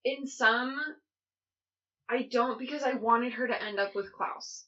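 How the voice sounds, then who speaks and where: A woman's voice: a little high, a little slow, pushed and bright, lo-fi sound. A young woman co-hosting a podcast, chatting with enthusiasm and plenty of fillers. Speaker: podcast co-host. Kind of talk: casual chat.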